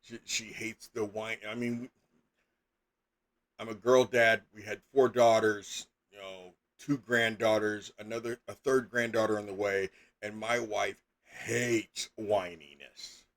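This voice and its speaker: A man's voice: fairly low pitch, steady tone, measured pace, a bit bright. A middle-aged man chatting casually as a game master on a live stream, rambling with lots of fillers and sudden emphatic bursts.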